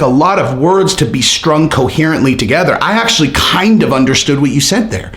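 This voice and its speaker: A man's voice: a little high, fairly quick, hardly any pauses. A man hosting his own channel, reading out comments and mocking them in casual, rambling talk full of fillers. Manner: animated, sarcastic, rambling with many fillers. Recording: roomy echo.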